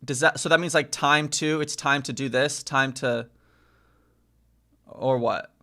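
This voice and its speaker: A man's voice: mid-range voice, fairly even intonation, measured pace, bright, forceful tone. A man streaming live, learning a language and thinking aloud, repeating phrases and correcting himself. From United States. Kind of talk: casual live-stream self-study.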